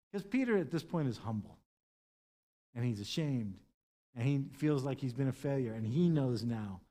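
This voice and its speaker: A man preaching a sermon as pastor, moving from loud, stressed points to quiet, hushed lines and acting out the words of scripture figures. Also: medium pitch, expressive, moderate pace. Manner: impassioned, swings between loud emphasis and hushed tones.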